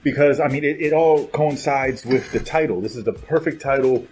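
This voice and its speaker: A man's voice: mid-range voice, normal speed, a little mellow, soft background music. A man co-hosting a film podcast, chatting in an easygoing, slangy way. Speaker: podcast co-host. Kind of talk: casual chat.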